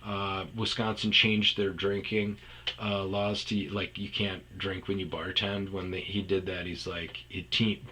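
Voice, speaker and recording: A man's voice: low-pitched, little pitch movement, a little slow, bright, forceful tone, slight background noise, rough recording. A man telling rambling, profane comedic stories about his past on a podcast. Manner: rambling, profane, slips into impressions. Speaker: podcast storyteller. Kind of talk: casual comedic storytelling.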